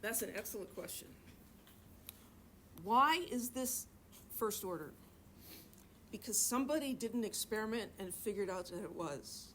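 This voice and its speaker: A woman's voice: medium pitch, expressive, moderate pace, pauses often, fairly bright tone, a little hiss or hum. A middle-aged woman teaching a chemistry class, chatty and joking, asking students questions in a classroom. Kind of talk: classroom lecture.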